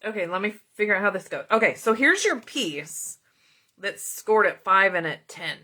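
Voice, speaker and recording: A woman's voice: mid-range voice, expressive, moderate pace, bright, forceful tone. Chatty woman hosting a crafting tutorial. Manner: chatty, talks directly to viewers, greets commenters by name. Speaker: card-making video host.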